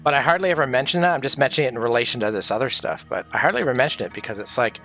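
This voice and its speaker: A man on a livestream casually telling stories from his audio engineering days, animated and profane, laughing often. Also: mid-range voice, very fast, soft background music.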